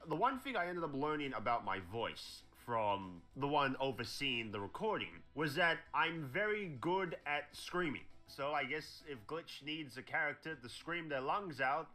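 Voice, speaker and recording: A man's voice: on the high side, very animated, normal speed, few pauses, pushed and bright, faint music behind. A man who works as a voice actor, talking casually about his voice work and demonstrating how he found each voice.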